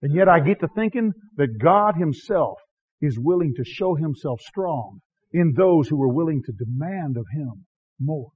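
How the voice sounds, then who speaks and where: High-voiced preacher man, lo-fi sermon. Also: moderate pace, breathy edge. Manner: animated, swinging from shouting to hushed tones, chuckles often. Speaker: missionary preacher. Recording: dull lo-fi recording.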